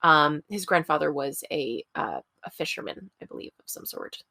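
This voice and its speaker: A woman's voice: low voice, very animated, moderate pace, vocal fry, sharp tone, dry recording, clean studio sound. A woman co-hosting a true-crime podcast, telling the story casually with wry asides. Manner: chatty, wry asides with frequent laughs. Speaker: podcast co-host.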